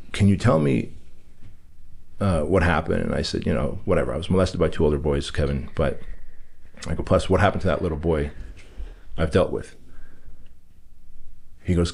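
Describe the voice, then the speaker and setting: Podcast guest: a deep-voiced man from Armenia who speaks candidly and emphatically, voicing the other people in his story. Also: darkish tone. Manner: candid, emphatic, acts out quoted dialogue. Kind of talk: personal storytelling in conversation.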